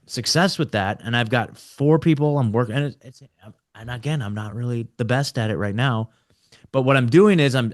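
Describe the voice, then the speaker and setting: A young adult man hosting a casual roundtable chat, rambling with frequent restarts, often saying like and dude. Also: on the low side. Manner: rambling, laughing, restarts a lot. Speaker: podcast host.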